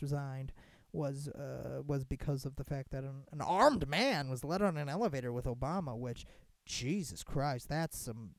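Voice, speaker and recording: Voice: medium pitch, dry recording. A young adult podcast host in a casual ranting monologue, talking with lots of swearing, "like" fillers and restarts. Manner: animated and profane, heavy filler "like", frequent restarts.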